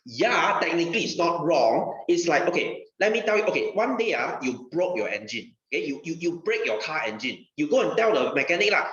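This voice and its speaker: A man's voice: fairly high pitch, very animated, normal speed, fairly bright tone. A male science teacher, giving a casual lesson in a chatty way, repeating phrases and asking rhetorical questions. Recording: dull, roomy recording.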